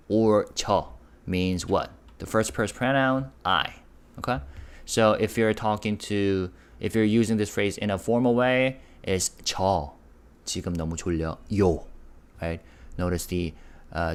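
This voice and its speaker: A man with a very low voice teaches a live online Korean class. He is upbeat and patient, breaking words into syllables and answering questions from the chat. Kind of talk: live online language lesson.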